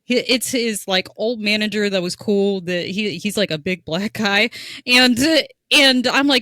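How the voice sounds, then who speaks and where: A woman's voice: mid-range voice, unhurried, bright, forceful tone, dry recording, studio quality. A woman co-hosting a podcast, telling stories in loose, casual chat and laughing often. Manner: chatty, laughing storyteller.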